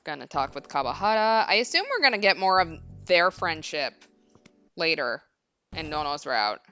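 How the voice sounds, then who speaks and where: A woman's voice: low voice, very animated, normal speed, pushed and bright, dull audio, slight background noise. A woman hosting a let's play, chatting and joking casually over a visual novel. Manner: joking, chatty, laughs often. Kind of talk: casual game commentary.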